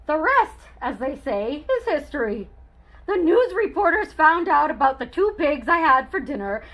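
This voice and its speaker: A boastful storybook wolf spins his version of events in a wry, chatty way, voiced by a woman reading aloud. The voice sits very high and bounces around with a bright, sharp edge. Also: sing-song, moderate pace, exaggerated voice, poor audio. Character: boastful male wolf telling his side. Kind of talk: children's book read-aloud.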